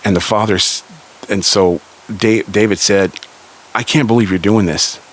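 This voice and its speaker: A man from Southern California telling a family story in a casual spoken way, lively and raising his voice for the people he quotes. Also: normal speed. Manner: animated, raises pitch for quoted characters.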